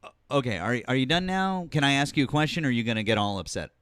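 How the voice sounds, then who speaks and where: A man's voice: medium pitch, sing-song, fast, fairly bright tone, clear, resonant tone, no room sound, studio quality. A man hosting a live call-in debate show, talking over his caller in a mocking, condescending way. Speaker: host.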